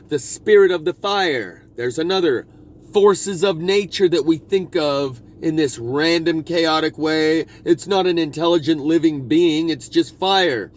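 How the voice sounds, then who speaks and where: Rambling man with a higher voice. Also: measured pace. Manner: meandering, restarts often, intense emphasis. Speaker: video blogger. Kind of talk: rambling spiritual monologue.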